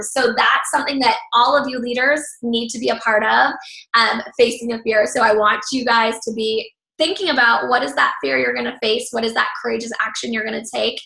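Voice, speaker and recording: A woman with a high-leaning, bright, forceful voice and some vocal fry hosts an online group training call. She's encouraging and upbeat, dropping loose fillers, her voice a little worn and slightly going, and the room echoes.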